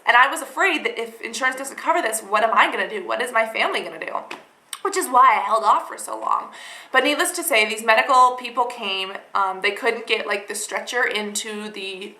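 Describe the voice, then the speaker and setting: Young woman, storytime vlog, bright tense voice, rambling and dramatic, echoey room. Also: fairly high pitch. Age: young adult. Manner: rambling, dramatic retelling with many fillers. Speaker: vlogger.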